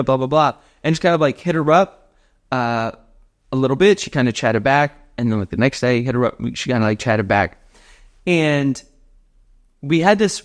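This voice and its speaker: Animated young man telling a story. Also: medium pitch. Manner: animated, full of "like" fillers and quoted dialogue. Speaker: podcast host. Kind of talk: casual storytelling. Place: indoor podcast set.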